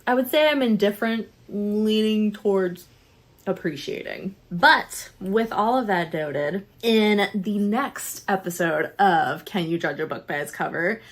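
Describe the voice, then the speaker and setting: A young woman vlogging a casual, animated book review, chatty and quick to laugh. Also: mid-range voice.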